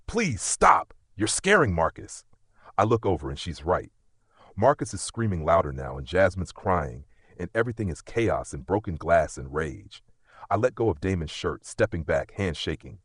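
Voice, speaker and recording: A man tells a dramatic first-person story in a low, husky voice. His delivery is intense and emotional, with lively swings in pitch. The recording is dry and close. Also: moderate pace, no room sound. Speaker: story narrator.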